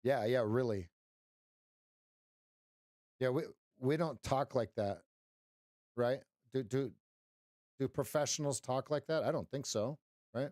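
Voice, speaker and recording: A man's voice: mid-range voice, slow pace, long pauses, a little mellow, no room sound, clean studio sound. A man giving live trading commentary on a stream, wry and teasing as he talks to his chat.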